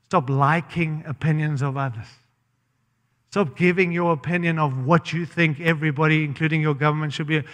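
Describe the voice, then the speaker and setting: An American man preaches with a fairly high voice, blunt and impassioned. He often cuts himself off mid-phrase and restarts. His voice rings out with a long reverb, as if in a large church hall. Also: fairly even intonation, normal speed, a bit bright. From United States. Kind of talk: sermon.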